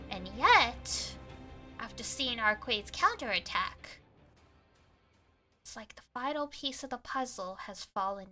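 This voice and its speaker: A woman reading aloud the inner monologue of a grim young man fighting a vampire, in a quiet, measured voice. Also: a little high, exaggerated voice. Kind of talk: reading visual novel narration aloud.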